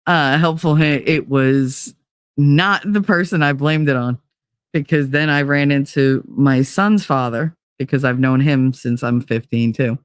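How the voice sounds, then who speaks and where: A woman's voice: very deep voice, fairly even intonation, measured pace, clean tone, dry recording, studio quality. A woman, hosting a podcast and telling a rambling, profane story, laughing as she goes. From New Jersey. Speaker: podcast host. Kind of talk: casual storytelling chat.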